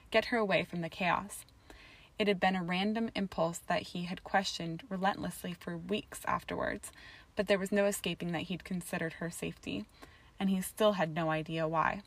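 Low-voiced woman reading a story. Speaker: reader. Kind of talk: audiobook narration of fan fiction.

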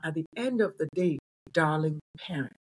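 A woman's voice: low-pitched, animated, moderate pace, husky. A woman from Nigeria, a pediatrician and coach, talking emphatically in an interview and repeating phrases for effect. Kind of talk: animated interview talk.

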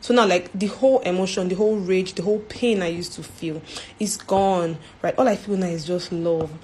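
A woman's voice: fairly low pitch, fairly even intonation, normal speed, a little mellow, slight background noise. Earnest woman giving a faith talk. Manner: earnest, repeats herself, tags lines with "right?". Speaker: church speaker.

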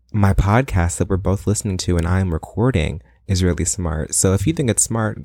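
A man's voice: on the low side, a little mellow, dry recording, studio quality. A young man hosting a solo podcast in a casual, rambling way, playfully boastful and full of dramatic asides. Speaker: podcast host.

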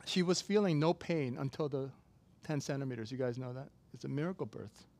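A man preaching a sermon, telling a personal story casually with sudden loud, emphatic bursts. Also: mid-range voice, a little fast. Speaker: pastor.

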